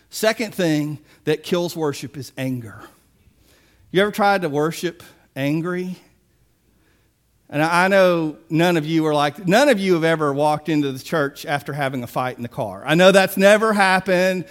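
A man preaching a sermon in a conversational way, acting out the people he describes. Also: fairly high pitch. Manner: conversational preaching with mock-quoted voices and asides. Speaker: pastor.

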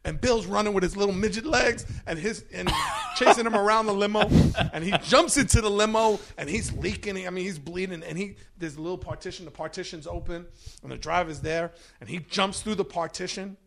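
A middle-aged man with a fairly high voice and a rough, gravelly texture, spinning a long story as a podcast guest. He talks animatedly and swears freely. He slips into the voices of the people he describes. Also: fairly quick, fairly bright tone. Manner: profane, acts out other people's voices.

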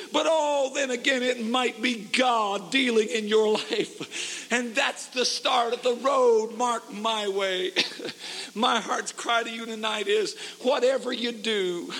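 Fervent preacher man, high ringing voice. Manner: fervent, swings from soft storytelling to shouted exhortation. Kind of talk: revival sermon. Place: church revival service. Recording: long hall reverb from the church.

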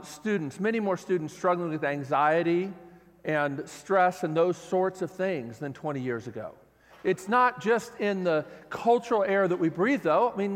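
A man preaching an earnest, animated sermon as a pastor. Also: high voice. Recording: long hall reverb.

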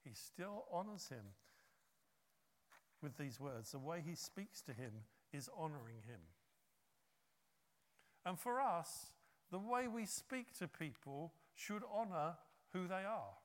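A man preaching a sermon, telling a story with lively acted-out quotes. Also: on the high side, measured pace, long reverb tail. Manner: animated storytelling, acts out quotes.

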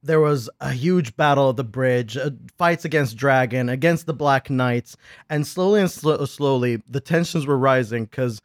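A man recounting a board game session in lively, animated storytelling, laughing as he goes and acting out what everyone said. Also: medium pitch, moderate pace, no echo, clean studio sound. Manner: lively, laughs while telling, acts out his own quotes. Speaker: podcast guest host.

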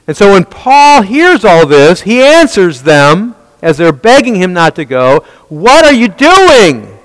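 Male Bible teacher with a very high, animated voice, fond of rhetorical questions and quick restarts. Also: smooth, big-room sound, rough recording. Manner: rhetorical questions, answered at once; frequent restarts and repeated words.

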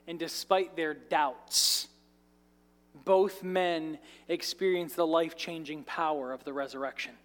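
A man's voice: high voice, fairly bright tone. A male pastor preaching a sermon in a church sanctuary, conversational with light asides and jokes. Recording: reverberant large church hall.

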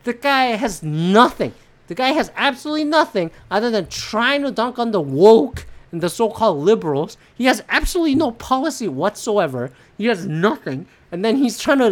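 A woman's voice: mid-range voice, very animated, moderate pace. Profane, ranting woman podcast host. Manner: profane, blunt and opinionated; rambling with many fillers and restarts. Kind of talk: solo political commentary rant.

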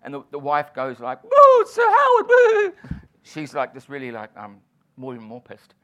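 A man from New Zealand, a comedian, telling an anecdote on a panel in front of an audience, doing quick voices for the people in it. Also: medium pitch, muffled recording. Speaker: guest comedian and author. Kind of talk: storytelling on a panel. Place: venue with live audience.

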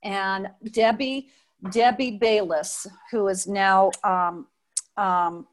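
Speaking slowly in a mid-range voice, an older woman recalls her days as a Nevada showgirl dancer during an interview. Her storytelling is lively: she acts out what people said and keeps beginning her sentences again.

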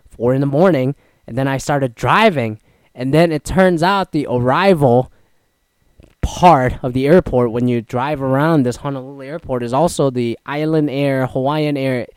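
A man's voice: mid-range voice, smooth, no echo. A man casually telling a travel mishap story, swearing often and acting out what other people said. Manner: profane, exasperated, acts out other people's lines.

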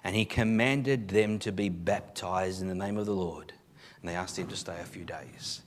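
A man, a pastor preaching a live sermon in church, telling the story with emphatic, animated delivery and frequent restarts. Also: low-pitched, moderate pace. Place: church service.

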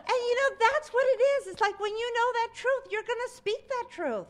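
A woman's voice: extremely high pitch, normal speed. A middle-aged woman preaching a conversational sermon, telling stories and acting out quotes. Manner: conversational preaching, lively storytelling with acted quotes.

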